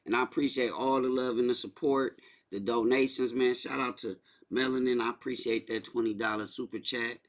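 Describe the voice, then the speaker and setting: A man's voice: medium pitch, fairly even intonation, a little fast. A man hosting a casual livestream, talking loosely and repeating his points. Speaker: livestream host.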